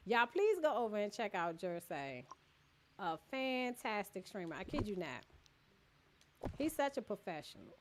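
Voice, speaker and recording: A woman's voice: mid-range voice, very animated, a little slow, background noise. A woman live-streaming a cozy decorating game, chatting casually with her chat, greeting and thanking viewers by name, teasing them playfully and laughing often.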